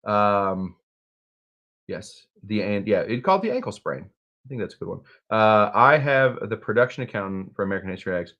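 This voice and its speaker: A man's voice: on the low side, lively intonation, normal speed, lo-fi sound. A man hosting a live cocktail stream, chatting casually and rambling between topics while reading out viewer comments. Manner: rambling, jokey, reads out chat comments. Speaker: live cocktail show host.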